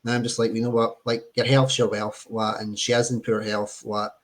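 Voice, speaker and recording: A man's voice: fairly low pitch, flat delivery, moderate pace. A man in casual podcast chat, rambling with lots of fillers and restarts. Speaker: podcast co-host.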